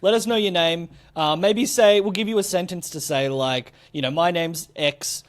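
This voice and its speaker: Upbeat, higher-voiced co-host. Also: male voice, moderate pace. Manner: upbeat, many fillers, enthusiastic. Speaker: podcast co-host. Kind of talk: casual chat.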